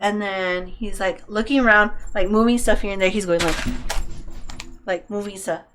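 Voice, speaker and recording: A young woman chats casually on a podcast, her voice sitting at an ordinary middle pitch. She tells a story with lots of swearing and acts out the lines of each person in it. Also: moderate pace, noisy background. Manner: animated, swearing, acts out quotes. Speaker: podcast co-host.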